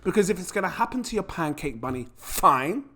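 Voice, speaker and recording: Chatty male YouTuber, lively pitch, rhetorical and casual. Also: a little fast. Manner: animated, chatty, rhetorical questions. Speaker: crypto YouTuber. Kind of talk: casual to-camera talk.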